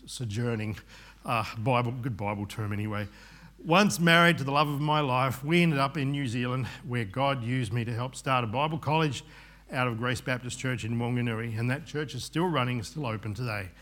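A man's voice: medium pitch, fairly bright tone. Earnest rambling male pastor preaching. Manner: earnest, rambling with asides and restarts. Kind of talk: sermon.

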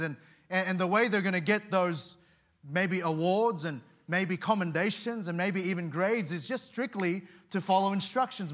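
A man's voice: high-pitched, fairly bright tone. Earnest man preaching a sermon. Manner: earnest, repeats words and restarts often; tells a story with dramatic rises in volume.

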